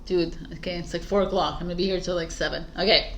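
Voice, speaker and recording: A woman's voice: lowish voice, fairly even intonation, fast, slight background noise. A woman doing tarot intros who keeps laughing, stumbling over her words and swearing casually. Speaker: tarot reader. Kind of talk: casual blooper chat.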